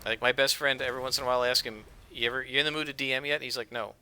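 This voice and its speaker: A man's voice: medium pitch, fairly even intonation, racing, pushed and bright, clear, resonant tone, no room sound. A man casually chatting while playing a game, rambling with lots of fillers. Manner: rambling, conversational, with frequent fillers. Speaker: let's play gamer.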